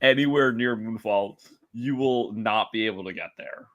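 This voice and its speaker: A man's voice: on the low side, moderate pace, a bit bright, muffled recording. Dry-joking man on a movie podcast. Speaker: podcast co-host. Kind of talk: casual movie chat.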